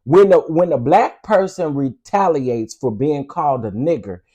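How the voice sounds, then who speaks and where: A man's voice: a little high, lively intonation, unhurried. A man hosting an online commentary show, ranting emphatically and sassily. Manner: loud, emphatic, sassy.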